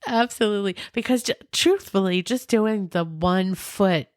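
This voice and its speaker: A woman's voice: mid-range voice, moderate pace, no echo, clean studio sound. A woman podcast host asking chatty, rambling questions and laughing easily in a casual interview. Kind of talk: conversational interview.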